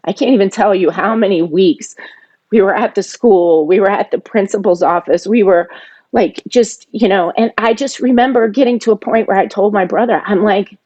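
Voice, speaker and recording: A woman's voice: medium pitch, normal speed, highs cut off. Woman telling a family story. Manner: emotional, animated when reenacting arguments. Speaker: podcast guest. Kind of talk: personal storytelling.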